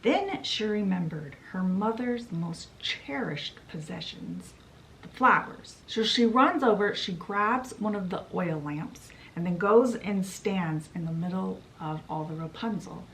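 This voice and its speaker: Slow, chatty woman book vlogger. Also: medium pitch, expressive, a bit bright, a little hiss or hum, poor audio. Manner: storytelling with fillers like "she's like". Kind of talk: casual book summary.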